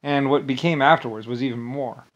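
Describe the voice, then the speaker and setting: In a muffled recording, a male vlogger vents his anger through a profane, rambling rant, looping back on himself and restarting lines again and again. His mid-range voice is steady in tone and fairly quick.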